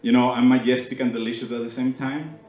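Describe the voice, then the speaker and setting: A man's voice: medium pitch, flat delivery, fast, a little mellow. A young man from Mexico with a Mexican Spanish accent, Spanish as his first language, performing a playful stand-up set and teasing the audience on a small club stage. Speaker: stand-up comedian. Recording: roomy club sound. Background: audience laughter.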